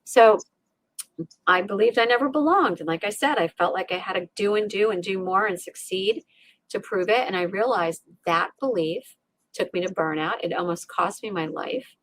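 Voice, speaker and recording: As a podcast guest, a middle-aged resilience coach animatedly recounts an emotional chapter of her life, dramatizing her inner voices and repeatedly starting sentences over. Her pitch is medium, her pace moderate, and there's no room sound.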